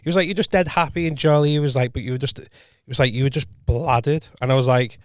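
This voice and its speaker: A man's voice: mid-range voice, fast talker, no room sound. Man rambling through an anecdote, dry mic. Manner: rambling anecdote, frequent self-corrections and quoted dialogue. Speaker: podcast co-host and comedian. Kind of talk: casual storytelling chat. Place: podcast studio.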